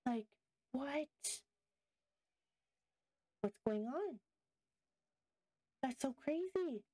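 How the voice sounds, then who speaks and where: A woman hosting a casual let's-play video, chatting to viewers and to in-game creatures as she thinks aloud and gets easily excited. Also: high-pitched, drawn-out words, dry recording. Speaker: gaming video host.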